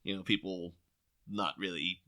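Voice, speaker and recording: A man co-hosting a casual podcast chat, animated and laughing as he acts out quotes in silly voices. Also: sits low, moderate pace. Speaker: podcast co-host.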